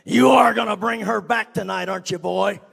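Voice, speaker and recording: A man voicing an older preacher who gruffly teases a scared teenage boy, speaking higher and louder than his own voice. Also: brisk, big-room sound, exaggerated voice. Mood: gruff mock threat. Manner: gruff mock-threatening drawl.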